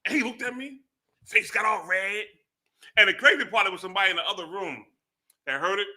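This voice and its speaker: A man on a live stream panel telling a personal story in a casual, animated way, laughing and acting out what people said. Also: sits high, brisk. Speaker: panel guest.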